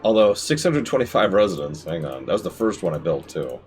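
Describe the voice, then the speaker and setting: Man, streamer, live game commentary, deep voice, wide pitch swings, shouts and mutters at the game. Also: sing-song, brisk, faint music behind. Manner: talks to the game, swinging between shouted outbursts and low mutters.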